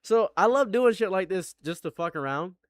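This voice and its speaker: Man, casual commentary host, boastful, swears a lot, slightly high voice, dry close sound. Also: lively intonation, normal speed, smooth, dry recording. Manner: loose, boastful, swears freely.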